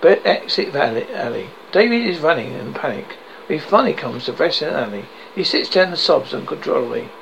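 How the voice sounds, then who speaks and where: Brief: a man reading stage directions, stumbling often, creaky and lively, lo-fi. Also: a little high. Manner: halting, stumbling over words. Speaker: narrator reading a radio script. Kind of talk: reading a drama script aloud, stage directions included. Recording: dull lo-fi, faint background noise.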